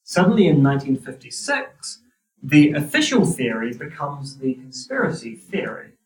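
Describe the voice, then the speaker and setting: A man's voice: fairly high pitch, sing-song, normal speed. A man with a New Zealand accent giving a university lecture, with a wry, dry sense of humor. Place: lecture hall. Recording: roomy hall, distant mic.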